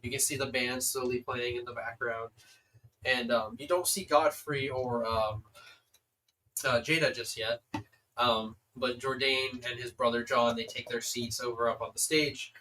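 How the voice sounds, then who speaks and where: A man's voice: medium pitch, steady tone, a little slow, bright, forceful tone, recorded from a distance, rough recording. Rambling male game master, off mic. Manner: rambling, filler-heavy narration. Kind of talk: narrating a tabletop game.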